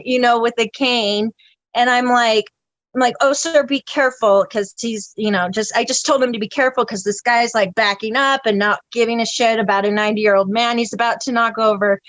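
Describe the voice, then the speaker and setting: A woman guest on a podcast telling stories in casual chat, animated and profane, often breaking into laughter. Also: on the high side, no room sound, rough recording.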